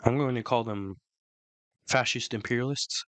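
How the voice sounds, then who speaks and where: A man co-hosting a podcast in casual, opinionated chat, rambling with many restarts, his throat still rough from flu. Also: mid-range voice, moderate pace, a bit bright, no room sound. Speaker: podcast co-host.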